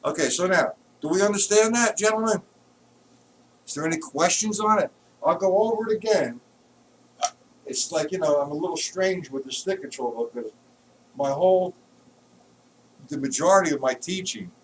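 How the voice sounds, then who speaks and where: A man teaching drums in a live-streamed lesson, explaining patterns patiently and counting beats aloud loudly while he plays. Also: a little high, animated, moderate pace, pauses often, slight background noise. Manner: explains patiently, checks if students follow. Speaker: drum teacher. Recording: distant mic with loud drumming.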